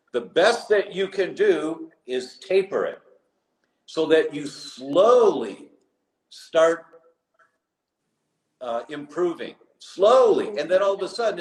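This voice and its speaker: A slightly high-voiced man, heard through low-quality audio, is a guest in a live interview conducted remotely from abroad. He spins lively stories and acts out the people he's quoting.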